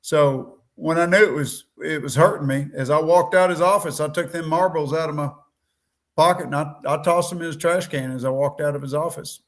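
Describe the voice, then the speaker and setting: A man's voice: on the high side, fairly even intonation, a little fast. A man in casual conversation, recounting a story in a plain, matter-of-fact way. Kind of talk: casual chat.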